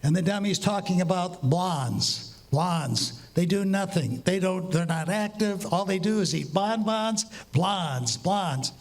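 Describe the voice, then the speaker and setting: A high-voiced man telling joke stories. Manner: story jokes acted out with quoted dialogue, drawn-out punchlines. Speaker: walk-on joke teller.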